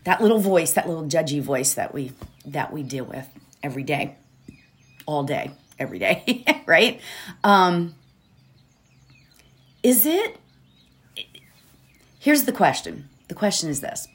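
Woman, podcast host, slow-paced, low-pitched, casual rambling chat. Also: very animated. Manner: chatty, rambling, laughs often, says "right?" a lot. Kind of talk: casual motivational podcast talk.

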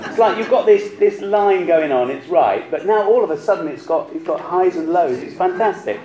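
Speaking at normal speed, the conductor's high voice sounds animated yet mellow. He cheers on the choir in the rehearsal hall, restarting hesitantly and singing brief snippets, with choral music echoing around him.

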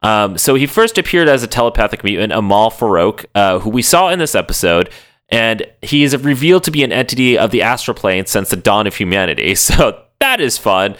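A man with a lowish, smooth and resonant voice co-hosts a podcast. He talks in a loose, rambling way, swearing casually and filling his sentences with "like". The delivery is relaxed, everyday chat. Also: fairly quick. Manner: rambling, profane, lots of "like". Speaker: podcast co-host.

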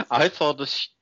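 Slow-talking man, hesitant. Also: fairly high pitch, bright, forceful tone, breathy edge, no echo. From Norway. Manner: hesitant, many fillers. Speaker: podcast co-host. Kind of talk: casual chat recapping a TV episode. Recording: dull lo-fi close mic.

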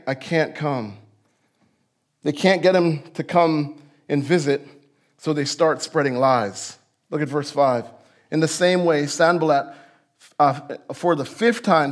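A man's voice: fairly high pitch, moderate pace. A man preaching a sermon as pastor, in a conversational way that acts out the voices in the text.

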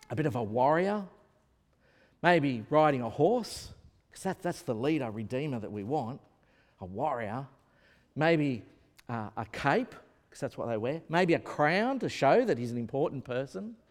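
A male preacher delivering a sermon in a chatty, questioning way. His voice sits a little high for a man and moves through a very lively range. Long hall reverb trails after his words. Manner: conversational, asks listeners questions. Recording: echoey hall.

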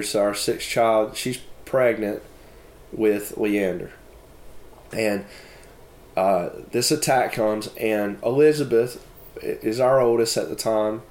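Halting man giving a spoken testimony. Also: mid-range voice, darkish tone. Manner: halting, with many fillers and restarts. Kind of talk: personal testimony and scripture reading. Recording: echoey room.

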